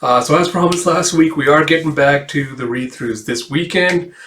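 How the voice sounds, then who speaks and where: A man's voice: fairly high pitch, moderate pace, fairly bright tone, a little hiss or hum. A man casually hosting a manga read-through, rambling with many fillers and the odd swear. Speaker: host. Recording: echoey room.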